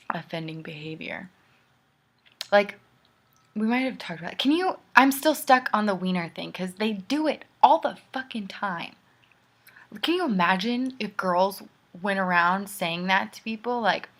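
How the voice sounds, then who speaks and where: Young woman, vlogger, candid rant, slightly low pitch, whispers asides. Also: a bit bright. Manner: candid and ranting, often drops to a whisper. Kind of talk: casual video letter to a friend.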